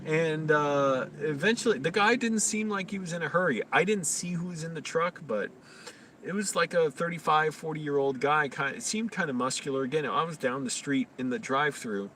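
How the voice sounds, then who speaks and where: On a live stream, a man with a slightly high, somewhat bright voice chats casually at normal speed, rambling and using many fillers. He's picked up by a slightly distant mic with faint background noise.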